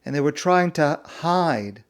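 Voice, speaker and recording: A man, a rabbi, telling a story in a sermon, slow and hushed with dramatic pauses. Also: fairly high pitch, lively intonation.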